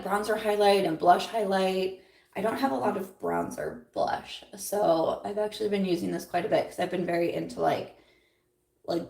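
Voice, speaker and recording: Young woman rambling thru a makeup livestream, lots of likes and ums, kinda gravelly, echoey room. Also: medium pitch, darkish tone, distant mic. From Iowa. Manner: rambling, many fillers like "like" and "um", nervous laughs. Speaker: beauty vlogger. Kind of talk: casual livestream chat while doing makeup. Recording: roomy echo, voice a little off mic.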